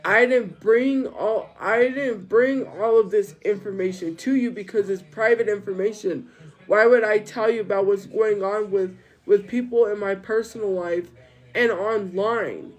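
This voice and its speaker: A livestreamer in casual chat, talking in a slow, rambling way, voice still deepened from a recent illness. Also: poor audio. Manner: slow, rambling rant that drifts into chat replies. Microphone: streaming setup.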